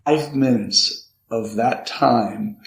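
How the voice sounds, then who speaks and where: An older man, a podcast guest, earnestly telling a personal story about his father, halting often with repeated restarts. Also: mid-range voice, creaky. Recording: echoey room. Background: card shuffling.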